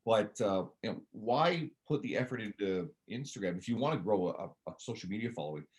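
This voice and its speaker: A personal trainer in his forties from Newfoundland, Canada, guests on a casual podcast, speaking bluntly and with energy. His lowish voice is brisk, with lively intonation and a Canadian accent.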